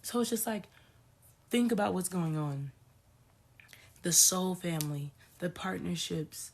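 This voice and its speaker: A woman's voice: on the low side, expressive, unhurried, creaky, slight background noise. A woman spiritual coach giving casual ranting commentary to her followers, talking emphatically and repeating phrases for stress.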